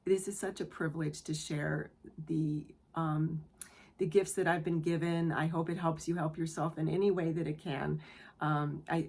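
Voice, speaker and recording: Speaking at a moderate pace in a low, level, slightly rough voice, a female channel host reads tarot for her viewers on camera. She is earnest, gentle and affirming, and she is moved almost to tears.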